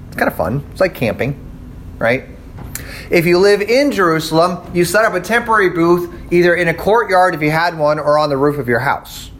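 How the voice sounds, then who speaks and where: A man giving a relaxed Bible lesson, talking conversationally and pausing to check in with his class. His voice sits a little high for a man. Faint background noise lies under his speech. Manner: conversational, checks in with "okay?" and "right?". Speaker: Bible teacher. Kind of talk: casual classroom lecture.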